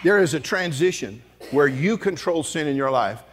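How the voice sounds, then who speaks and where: A man preaching a storytelling sermon to a large audience, animated and comic, rising to shouts at the high points. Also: moderate pace. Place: large church auditorium before an audience.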